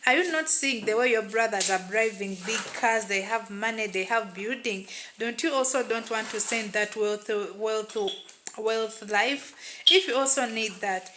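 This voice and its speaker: A woman's voice: mid-range voice, pushed and bright, a little hiss or hum, close to an everyday voice. A woman voicing an insistent, coaxing aging mother in a told story.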